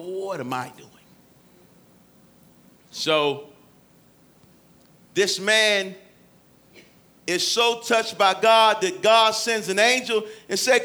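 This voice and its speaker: A man preaching a sermon, acting out scripture quotes in voices and swinging between loud and soft delivery. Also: high-pitched. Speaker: pastor.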